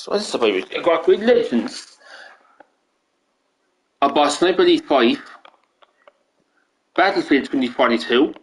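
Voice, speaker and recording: A man's voice: fairly high pitch, animated, moderate pace, long pauses, slight background noise, low-quality recording. An Irish man streaming games and ranting casually, rambling, swearing often and restarting his sentences. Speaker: gaming streamer.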